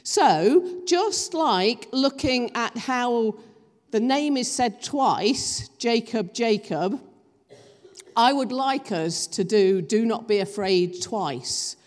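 A woman preaching a sermon, slow and emphatic, drawing the congregation in with questions. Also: on the high side, expressive. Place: church hall. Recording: long reverb of a church hall.

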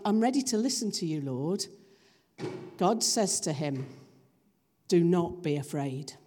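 A woman preaching a sermon, slow and emphatic, drawing the congregation in with questions. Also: medium pitch, darkish tone. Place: church hall. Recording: long reverb of a church hall.

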